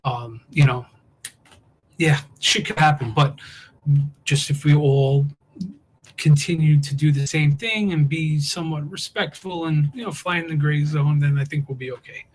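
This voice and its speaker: Husky-voiced New man, rambling. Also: a little high, moderate pace, low-quality recording. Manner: rambling and animated, acts out quotes. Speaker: co-host. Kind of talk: casual live-stream chat.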